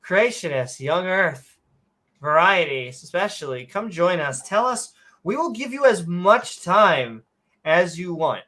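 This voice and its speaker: A woman's voice: on the low side, expressive, unhurried, fairly bright tone. A woman hosting a casual livestream chat, bubbly and rambling, laughing often. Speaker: host.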